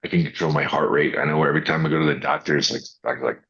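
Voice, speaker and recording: Very deep gravelly man, rambling. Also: fairly even intonation, rapid-fire, few pauses, a bit bright, highs cut off. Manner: rambling storyteller, restarts, acts out quotes. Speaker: podcast co-host. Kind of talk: casual early-morning chat.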